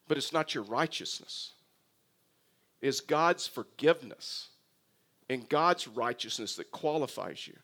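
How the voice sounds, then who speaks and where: A man's voice: on the high side, unhurried, fairly bright tone. A male pastor preaching a sermon, telling stories with humor and often restarting his sentences. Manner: humorous storytelling with frequent restarts.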